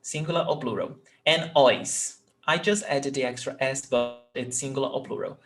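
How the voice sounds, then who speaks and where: A man with a Brazilian Portuguese accent teaching a live online lesson, repeating example sentences and checking that students follow. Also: medium pitch. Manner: patient, repeats examples slowly, checks understanding.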